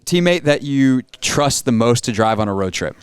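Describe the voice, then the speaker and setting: A man hosting a sports radio interview, chatty and joking, asking quick questions. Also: medium pitch, lively intonation, clean tone, no echo. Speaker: radio host.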